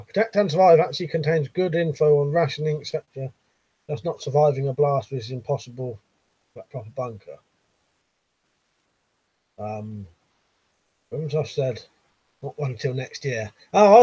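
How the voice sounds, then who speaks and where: A man's voice: medium pitch, normal speed, warm tone, slightly rough, no room sound, low-quality recording. A man with a Southern English accent hosting a casual live stream, reading viewers' comments aloud with frequent laughs and casual swearing. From Buckinghamshire, England.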